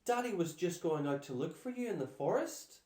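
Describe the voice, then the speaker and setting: A man's voice: fairly high pitch, lively intonation, brisk, darkish tone, voice pushed up, natural voice. A man voicing a worried mother who scolds her daughter in a storybook reading. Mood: scolding. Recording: echoey room.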